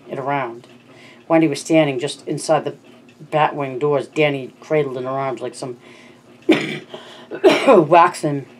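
An amateur audiobook narrator reads a novel aloud in a middling pitch, now and then stumbling and restarting a word. Faint background noise runs under the reading. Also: a little mellow, poor audio. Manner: reads with frequent slips and restarts.

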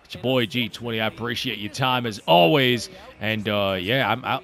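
A man hosting a gaming video, giving excitable, trash-talking gameplay commentary that swings between loud hype and low muttering. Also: normal speed.

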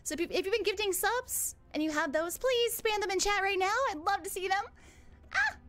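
A woman's voice: very high voice, brisk, soft background music. A woman voicing a cheerful young huntress girl as a VTuber streamer, chatting live in character and squealing often. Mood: earnest. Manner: bubbly, excitable, squeals often.

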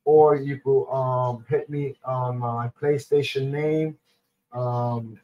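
A man's voice: mid-range voice, fairly even intonation, takes it slowly, lo-fi sound. A young man with a New York accent chatting casually to his viewers, loose and slangy with many ums and restarts. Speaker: streamer host. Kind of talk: casual chat.

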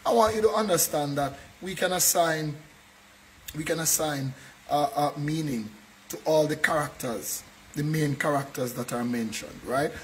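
A man preaches a sermon in church. His voice sits high, and he talks earnestly, often checking in with the congregation to make sure they follow. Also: moderate pace, slight background noise, rough recording. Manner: earnest preaching, keeps checking in with a tag question. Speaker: pastor.

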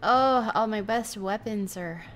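A woman's voice: mid-range voice, unhurried, a little hiss or hum. A young adult woman giving casual let's-play commentary, gushing and flustered as she plays. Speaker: gameplay host.

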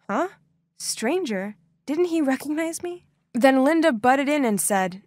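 A young woman narrating a dramatic first-person story with an expressive, animated delivery. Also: high-pitched, unhurried, no room sound, clean studio sound.

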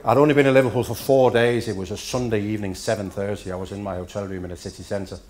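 A man's voice: lowish voice, fairly even intonation, fast talker, darkish tone. A man in his fifties from Denmark, a Danish native speaker, telling after-dinner stories with dry punchlines at a hotel function room dinner.

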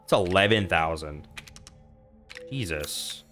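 Male let's-play host, low-pitched, swears freely while narrating his game. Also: animated, slow, a bit bright, faint music behind. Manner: casual, profane, talks to himself while playing. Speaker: gaming channel host.

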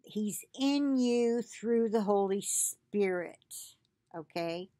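Slow, earnest woman reading devotions. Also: medium pitch, animated, warm tone, no echo, studio quality. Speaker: devotional video host. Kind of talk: reading prophetic messages with chatty commentary. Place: at home.

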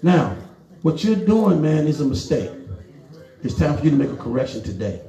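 A high-voiced middle-aged man preaching with a drawl, urging his listeners on and then dropping low. His voice rings around a roomy church hall, with plenty of echo. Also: normal speed, highs cut off. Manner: animated, emphatic, lively swings between loud urging and low asides. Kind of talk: sermon.

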